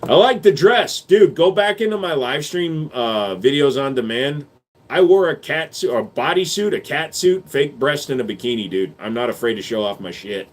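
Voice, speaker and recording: On a casual livestream, a man reads viewer questions out loud and fires back quick answers in a slightly high voice with lively intonation. He's blunt and swears, and when he argues he gets loud and sarcastic.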